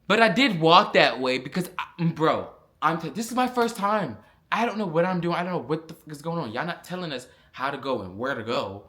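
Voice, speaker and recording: Young man telling an animated storytime. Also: mid-range voice. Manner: animated, profane, lots of slang and fillers. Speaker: vlogger. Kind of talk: casual storytime.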